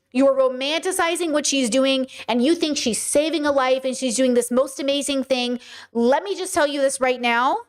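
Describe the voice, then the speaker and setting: A young woman with a high voice talks straight to her livestream chat. She argues heatedly and emphatically, and she keeps pressing the same questions again and again. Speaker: podcast host. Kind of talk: livestream commentary.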